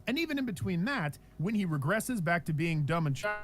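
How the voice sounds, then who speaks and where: Young man ranting, fairly high voice. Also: brisk. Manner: profane, animated ranting with frequent restarts. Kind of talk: casual ranting commentary.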